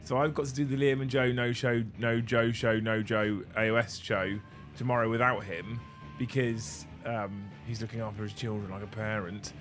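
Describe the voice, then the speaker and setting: Hoarse man hosting a livestream. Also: on the low side, little pitch movement, normal speed, fairly bright tone, soft background music. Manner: chatty, swears casually, self-mocking. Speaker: streamer host. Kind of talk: casual livestream chat.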